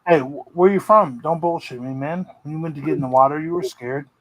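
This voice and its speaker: A man's voice: a little high, a little fast, poor audio. A man in a casual movie chat who talks bluntly and swears freely.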